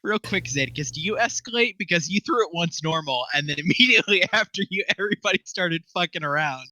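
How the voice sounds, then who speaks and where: A young man runs a tabletop game, his voice strikingly bright and close on a dry mic. He laughs between lines and swears freely as he narrates. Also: high voice, expressive, a little fast, no room sound. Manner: laughing often, loose and profane. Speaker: game master.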